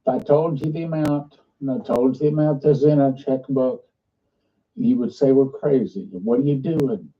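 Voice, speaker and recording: Earnest man making a distant, muffled appeal. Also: medium pitch. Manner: earnest, halting, restarts often. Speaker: ministry leader. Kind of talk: fundraising appeal with sermon. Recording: muffled, distant played-back clip.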